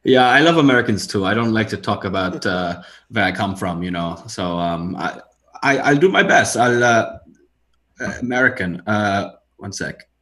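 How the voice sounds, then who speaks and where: A man's voice: on the low side, expressive, normal speed, a bit bright. A man appearing as a podcast guest, hesitant and full of fillers, joking along. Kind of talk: casual podcast chat.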